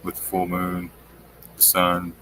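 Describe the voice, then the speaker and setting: A male host talking offhandedly while he brings up and pauses clips on a live stream. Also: deep voice, completely flat delivery, bright, forceful tone, a little hiss or hum. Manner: offhand, talks while working the screen. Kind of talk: casual live-stream commentary.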